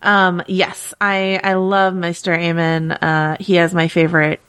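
A woman with a somewhat low voice hosting a podcast in a casual, upbeat way. She moves the talk along from one segment to the next. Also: little pitch movement, unhurried, fairly bright tone, clean tone. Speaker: podcast co-host. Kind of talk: casual chat.

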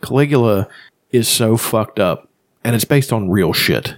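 A man's voice: on the low side, animated, unhurried. A man chatting casually on a podcast, rambling and swearing freely as he retells movies. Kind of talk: casual chat.

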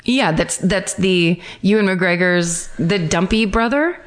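A woman co-hosting a podcast in casual chat, animated and emphatic, with some swearing. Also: on the low side, slow pace. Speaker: podcast co-host.

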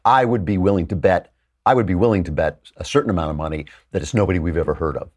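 A man's voice: low-pitched, animated, fast. A male host giving sarcastic political commentary, reading quotes aloud and mocking them as he goes. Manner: reads quotes aloud and interjects.

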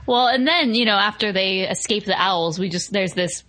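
A woman co-hosting a podcast, thinking out loud and asking her friends questions in casual chat. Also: mid-range voice, normal speed. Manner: chatty, thinks aloud and asks the others questions. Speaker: podcast co-host. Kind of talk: casual chat about an animated film.

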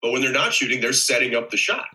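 A man's voice: medium pitch, expressive, quick pace, sharp tone, rough recording. A male actor chatting casually on a podcast, rambling a little with wry asides.

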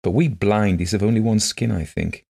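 A man reading the part of a gentle, shy blind woman who talks softly and earnestly in simple phrases. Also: on the low side, moderate pace, gravelly, breathy edge, pitched above the performer's own voice.

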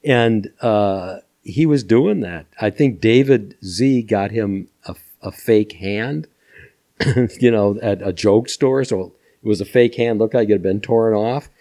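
Older guy telling stories on a podcast, kinda low voice, laughs a lot. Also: measured pace. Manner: animated, laughs often, acts out voices. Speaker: guest, former music manager. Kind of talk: anecdotal storytelling.

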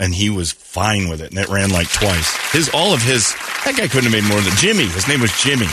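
A man's voice: fairly low pitch, expressive, quick pace, hardly any pauses, bright, forceful tone, a little hiss or hum. A man hosting a morning radio show, telling rambling, jokey stories in casual chat. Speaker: radio host.

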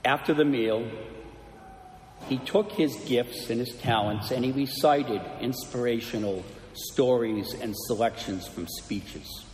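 A man preaching as a priest, telling a story in a slow, measured way before turning it into a lesson for his congregation. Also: mid-range voice, a little mellow, a little hiss or hum. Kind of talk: sermon. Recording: echoey church with long reverb.

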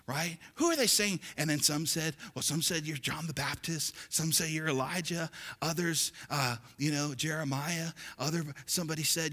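A male pastor preaching a sermon, swinging from quiet asides to loud, shouted passages. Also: on the high side, normal speed.

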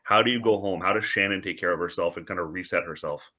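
Very deep-voiced, bright male host. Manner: joking, halting questions. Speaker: podcast host. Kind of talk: interview conversation.

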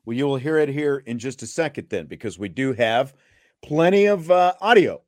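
A man's voice: mid-range voice, animated, normal speed, no room sound. Man, podcast host, casual sports chat, rambling with fillers, dry close sound. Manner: rambling, lots of fillers and restarts.

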